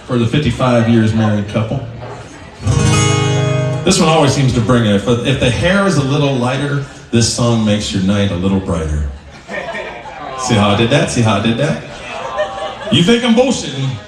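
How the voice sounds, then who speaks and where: A man's voice: medium pitch, very animated, normal speed, long pauses, recorded from a distance. A man performing in a bar, teasing the crowd with jokes between songs. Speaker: bar singer and guitarist. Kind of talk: live stage banter between songs. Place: bar, indoors. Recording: echoey bar taped from afar, guitar.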